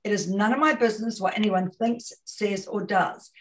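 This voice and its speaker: A woman's voice: medium pitch, moderate pace. A woman with a New Zealand accent giving a webinar talk as a communication consultant, emphatic and fond of rhetorical questions and repeated phrases. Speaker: guest speaker, communication consultant.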